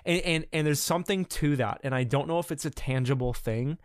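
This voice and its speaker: A man's voice: fairly high pitch, brisk, a little hiss or hum. Enthusiastic rambling man on a podcast. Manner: rambling, enthusiastic, lots of fillers and restarts. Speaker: podcast co-host. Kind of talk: casual music podcast chat.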